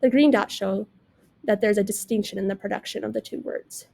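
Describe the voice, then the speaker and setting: A woman's voice: medium pitch, fairly even intonation, brisk, creaky, a little mellow. A young woman reading a class presentation aloud from a script, saying example words with care. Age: young adult. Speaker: student presenter.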